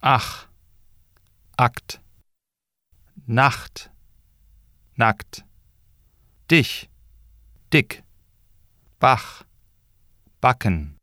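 A man reading single words slowly and deliberately as a pronunciation model. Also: medium pitch, lively intonation, bright, forceful tone, no echo, studio quality. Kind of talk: slow word-by-word pronunciation drill.

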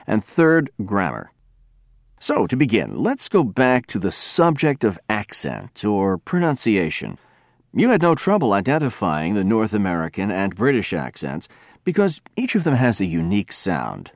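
A man giving a scripted lecture, speaking clearly and deliberately, with slow spoken examples. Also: fairly low pitch, no room sound, studio quality. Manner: clear, deliberate, demonstrates pronunciation.

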